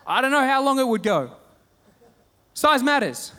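High-voiced Australian pastor in a reverberant hall. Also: male voice, moderate pace. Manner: storytelling with humor, animated retellings. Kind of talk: sermon.

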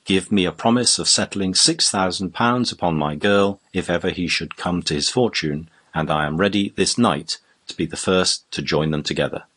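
Proud old gentleman, slow firm speech, deep husky voice, man reading. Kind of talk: audiobook character voice.

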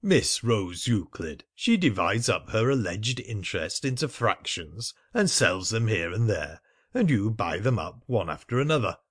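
A curt male solicitor brushes people off with terse, scornful lines, read by a man. The voice sits fairly low and is recorded dry and close. It comes from a storybook-style audiobook reading. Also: very animated, measured pace, a bit bright, slightly rough, dry recording, heavily acted.

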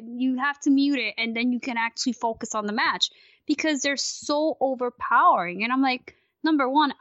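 A woman guest on a casual podcast, ranting in a rambling, profane, animated way. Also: sits high, no room sound, dull audio.

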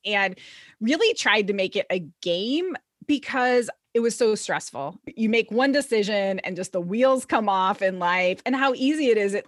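Bubbly woman host, fairly high voice, dry close recording, laughs easily. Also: expressive, moderate pace, dry recording. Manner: bubbly, laughs often, acts out her own thoughts. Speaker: podcast host. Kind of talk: casual podcast chat.

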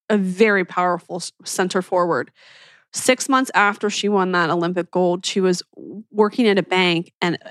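A woman's voice: fairly low pitch, dry recording, studio quality. A woman podcast host from Philadelphia chatting in a gushing, enthusiastic way as she recommends shows to her listeners. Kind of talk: casual chat recommending shows.

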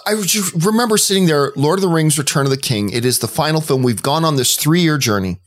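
A man's voice: fairly high pitch, lively intonation, brisk. A man co-hosting a movie podcast, telling a story with emotion and enthusiasm in casual chat. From Canada. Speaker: podcast co-host.

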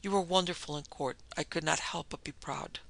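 A man voicing a young woman, soft, low and earnest. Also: fairly quick, creaky, dry recording. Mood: tender. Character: gentle, sorrowing young woman.

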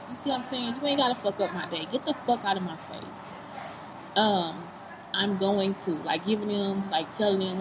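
A woman vlogging in a fast-food restaurant, talking in a blunt, profane, rambling way. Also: medium pitch. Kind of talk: casual vlog talk. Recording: noisy restaurant background.

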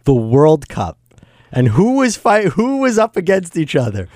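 A male co-host adds short comments to a shared story, speaking slowly while his pitch rises and falls freely. The recording is close and dry. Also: wildly swooping pitch, a little mellow, dry recording. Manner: chimes in with short agreeing remarks. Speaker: podcast co-host. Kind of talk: casual chat.

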